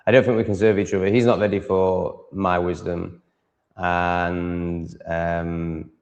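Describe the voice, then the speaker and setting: A man's voice: sits low, little pitch movement, takes it slowly, gravelly, a little mellow, long reverb tail, dull audio. A man with a Yorkshire accent, chatting casually on a livestream, rambling and often cutting himself off mid-sentence. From Yorkshire, England. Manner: rambling, self-interrupting, chatty. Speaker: livestream host.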